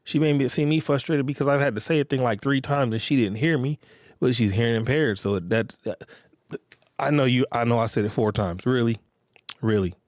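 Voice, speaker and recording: A man's voice: mid-range voice, no room sound, clean studio sound. Rambling, profane male podcast host. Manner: rambling, profane, repeats "you get what I'm saying". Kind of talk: casual monologue.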